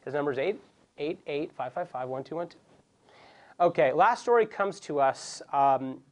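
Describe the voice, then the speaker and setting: A man's voice: fairly high pitch, normal speed. A young man hosting a comedic web show, joking and rambling in a self-deprecating way. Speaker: host.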